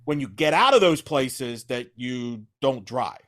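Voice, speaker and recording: A man's voice: medium pitch, expressive, measured pace, fairly bright tone. A man of about forty co-hosting a casual sports podcast, thinking aloud in a stop-start way. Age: around 40. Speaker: podcast co-host.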